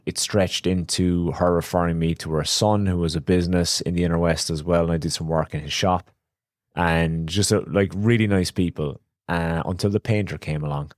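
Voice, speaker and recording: Deep-voiced man telling a frank story. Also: darkish tone, dry recording, studio quality. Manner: rambling, frank, swears casually. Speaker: podcast host, electrician. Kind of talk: casual storytelling monologue.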